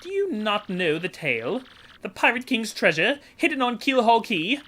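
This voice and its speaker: A woman's voice: a little high, very animated, moderate pace, a bit bright, voice pushed up. A woman voicing a flamboyant, vain, wealthy male sea trader for a game playthrough, speaking in grand theatrical exclamations. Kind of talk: voicing game dialogue for a let's play.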